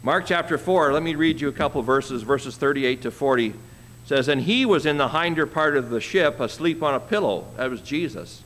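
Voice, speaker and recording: A man preaching a sermon, reading scripture slowly and commenting on it with an easy chuckle. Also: medium pitch, lively intonation, a bit bright, long reverb tail. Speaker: pastor.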